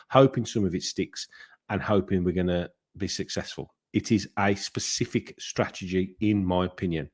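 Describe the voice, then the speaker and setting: A man's voice: lowish voice, slightly rough. A man hosting his own football fan channel, giving his opinions in a casual, rambling monologue. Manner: conversational, rambling with fillers and restarts.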